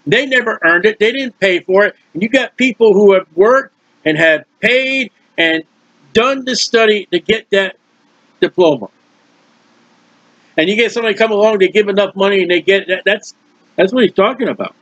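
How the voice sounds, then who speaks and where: High-voiced man preaching, dull dry sound. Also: moderate pace, a bit bright, dry recording. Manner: repetitive, emphatic, folksy asides. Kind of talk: conversational Bible teaching.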